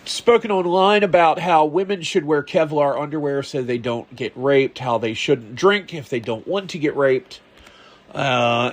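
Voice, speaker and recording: A man hosting a podcast, giving casual political commentary in a sarcastic, rambling way with muttered asides. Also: mid-range voice. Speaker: podcast host.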